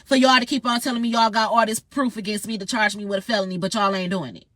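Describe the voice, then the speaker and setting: A woman's voice: mid-range voice, steady tone, fast talker, a bit bright, no room sound. A woman ranting in a heated, profane, confrontational monologue straight to her viewers. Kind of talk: angry monologue vlog.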